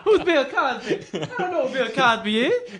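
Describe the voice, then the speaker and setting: A man doing an impression of a brash, boastful comedian, with laughing, high-pitched jive talk. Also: very animated, fairly quick, a bit bright, heavily acted. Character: impression of a famous American comedian, brash and playful.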